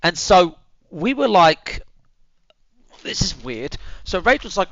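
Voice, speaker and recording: Chatting casually with viewers, a young man streaming tells a story, cursing freely, addressing them as boys and bro, and muttering to himself while tending his dog. His voice is high and sing-song at a moderate pace, a bit bright. The recording is dry and muffled.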